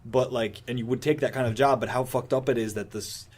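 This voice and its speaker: A man's voice: mid-range voice, fairly even intonation, fairly quick, a little mellow, breathy edge. Regular-voiced guy on a comics podcast, thoughtful, laughs a lot. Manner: earnest, reflective, laughs often. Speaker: podcast co-host. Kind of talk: casual chat about comics.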